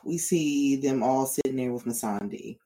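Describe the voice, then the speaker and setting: A speaker casually recapping a TV episode, expressive and profane, with drawn-out sighs. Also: medium pitch.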